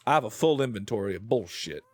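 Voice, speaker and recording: A man's voice: lowish voice, animated, fast, no room sound. A man streaming a game, rambling playfully about shows and swearing freely as he plays. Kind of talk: casual live-stream chat while gaming.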